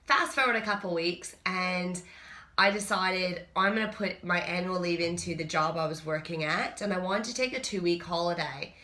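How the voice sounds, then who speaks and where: Bright-voiced woman telling her story. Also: on the low side, moderate pace. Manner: chatty, candid storytelling. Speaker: personal trainer. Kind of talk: personal storytelling vlog. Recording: roomy echo.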